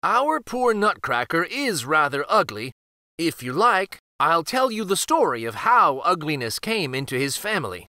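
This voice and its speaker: A man reading aloud and voicing a kind, clever old godfather in a storybook, solemn and unhurried. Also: on the high side, sing-song, no echo, studio quality. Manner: solemn, slow and gentle.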